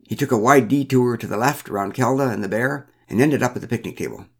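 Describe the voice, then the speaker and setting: A man's voice: mid-range voice, fast talker, creaky. A man reading a first-person story aloud with a wry, dryly humorous manner. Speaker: narrator.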